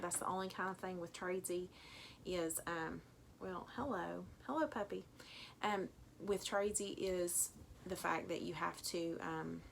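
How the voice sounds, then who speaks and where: A woman's voice: fairly low pitch, creaky, fairly bright tone, slight background noise. A middle-aged woman with a Tennessee accent, chatting casually through an unboxing vlog at home, rambling with lots of ums. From Tennessee, USA. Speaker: thrift reseller vlogger.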